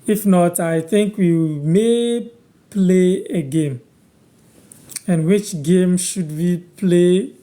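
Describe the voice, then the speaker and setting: A man from Ghana hosts a live-stream lesson, giving each word slowly and then repeating it. His voice is mellow and dark, with an unhurried, patient delivery. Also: high-pitched. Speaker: host teaching language on a live stream. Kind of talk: live-stream language lesson, answering viewers.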